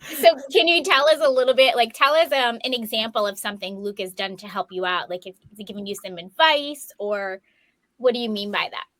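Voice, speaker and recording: Bright, upbeat woman co-host. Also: fairly high pitch, lively intonation, brisk. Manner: upbeat, eager questions. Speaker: podcast co-host. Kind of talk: casual interview chat. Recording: dry close sound.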